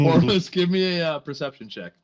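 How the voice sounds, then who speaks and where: Lively high-pitched game master, crude and joking. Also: male voice, normal speed. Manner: crude, joking, laughs often. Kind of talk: casual tabletop game chat.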